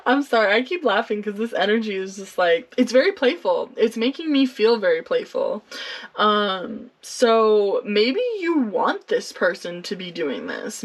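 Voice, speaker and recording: A young woman giving a casual tarot reading, chatty and playful. She laughs often, swears, and fills her talk with "like.". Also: mid-range voice. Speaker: tarot reader.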